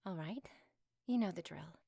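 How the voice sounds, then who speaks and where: A woman voicing a gentle, protective winged fey woman in a soft, husky whispered role-play. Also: lowish voice, lively intonation, measured pace, no echo, full character voice. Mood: tender.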